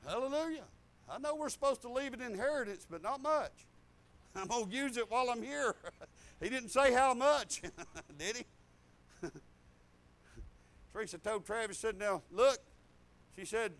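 Older preacher man, very high voice, folksy and rambling, drops a hallelujah between stories. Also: animated, moderate pace, pauses often, fairly bright tone. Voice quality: high-pitched. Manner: rambling storytelling with laughs and hallelujahs. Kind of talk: folksy sermon.

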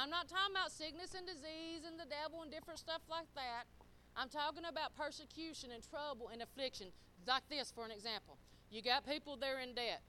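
High, bright-voiced woman preaching. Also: slight background noise. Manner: folksy storytelling, prods the congregation for responses; swings between quiet and loud, laughing asides. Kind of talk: sermon.

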